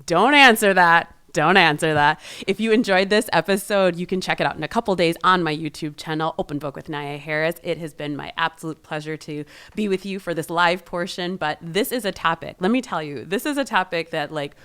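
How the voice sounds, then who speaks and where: Woman hosting a podcast, lowish voice. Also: a little fast, hardly any pauses, a bit bright. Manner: brief affirmations, then chatty questions. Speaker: podcast host. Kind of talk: podcast interview.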